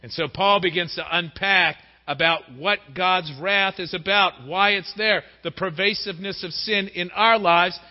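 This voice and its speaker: Middle-aged male preacher, high-pitched and expressive; muffled sound with long hall reverb. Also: a little slow, few pauses. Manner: lively, acts out quoted voices. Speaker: pastor. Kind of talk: sermon. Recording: dull recording in a reverberant hall.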